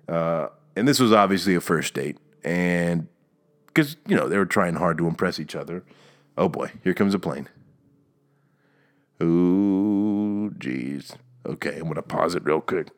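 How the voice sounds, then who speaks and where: A young man hosting a casual solo podcast, rambling and ranting with frequent chuckles. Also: lowish voice. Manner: animated, ranting, chuckles often. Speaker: podcast host. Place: outdoors or near a window, planes heard passing.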